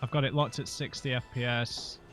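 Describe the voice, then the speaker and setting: A man's voice: medium pitch, fairly even intonation, brisk, fairly bright tone, faint music behind. A man chatting casually while playing a video game, joking and reading dialogue aloud. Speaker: let's play host. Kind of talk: casual gameplay commentary.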